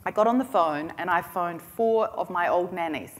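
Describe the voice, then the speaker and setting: A middle-aged woman with a New Zealand accent and a fairly low voice speaks at a moderate pace. As a conference speaker, she tells a business story in a chatty, self-deprecating, and humorous way.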